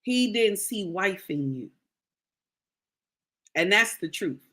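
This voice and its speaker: A social commentator speaks in a mid-range, fairly bright voice, slow and expressive. She delivers casual, preachy commentary, calling her listeners "sisters" and repeating key lines for emphasis.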